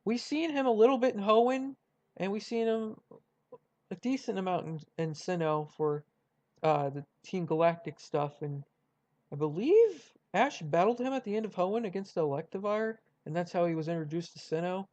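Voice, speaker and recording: A man's voice: high-pitched, lively intonation, normal speed, darkish tone, lo-fi sound. A young man casually chatting through a ranked list, rambling with many fillers and restarts. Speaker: YouTuber ranking cartoon rivals. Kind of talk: casual commentary.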